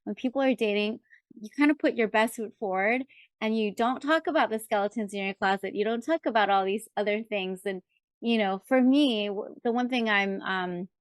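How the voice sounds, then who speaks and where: A middle-aged woman podcast host interviewing her co-host in casual chat, affirming and warm, circling back on her words as she thinks. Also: mid-range voice, normal speed, no room sound, clean studio sound.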